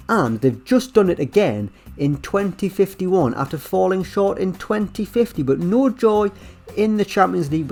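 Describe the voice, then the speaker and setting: A man giving casual, chatty commentary over a management game, with wry asides and lively swings in delivery. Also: sits high, vocal fry. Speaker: gaming YouTuber.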